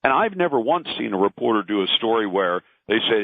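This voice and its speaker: A middle-aged Portland man from the Pacific Northwest, a radio talk host appearing as a guest, gives opinionated commentary in a lowish, gravelly voice. He's very animated, brisk, and barely pauses, arguing emphatically and acting out the voices he quotes. The phone line is dry and tinny with no room sound.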